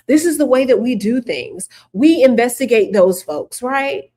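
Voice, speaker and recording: Woman, sarcastic political commentary, fairly high voice. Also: lively intonation, a little slow, hardly any pauses, warm tone, husky. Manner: sarcastic, emphatic, repeats points.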